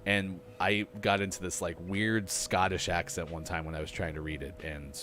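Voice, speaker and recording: A man's voice: sits low, fairly even intonation, moderate pace, bright, forceful tone. A middle-aged man hosting a morning radio show, chatting casually and joking while reading out facts. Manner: chatty, jokey, reads facts aloud.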